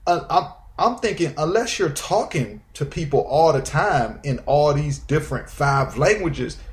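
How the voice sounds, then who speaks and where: A man's voice: a little high, expressive, unhurried. A man hosting an internet radio talk show, chatting with a guest in a rambling way full of restarts and fillers. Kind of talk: casual interview.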